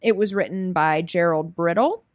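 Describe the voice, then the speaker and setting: A woman's voice: lowish voice, normal speed, no echo. A woman co-hosting a podcast, casually recapping a story with fillers and asides. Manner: chatty, reads excerpts aloud with fillers. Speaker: podcast co-host. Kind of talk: casual chat.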